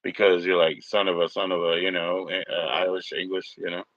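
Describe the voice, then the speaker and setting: A man's voice: sits low, little pitch movement, fairly quick, fairly bright tone, no echo, lo-fi sound. A man hosting a casual livestream from home, rambling, swearing and mocking trolls in chat. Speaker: livestream host.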